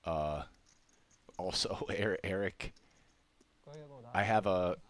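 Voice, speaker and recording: Low-voiced relaxed poker co-commentator. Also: male voice, takes it slowly. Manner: relaxed, agreeable, chatty asides. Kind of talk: casual commentary chat.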